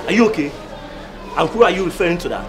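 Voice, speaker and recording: An actor with a Nigerian accent playing an angry, dismissive young male student who shouts curt retorts. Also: high-pitched, lively intonation, quick pace. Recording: film soundtrack with music and crowd noise.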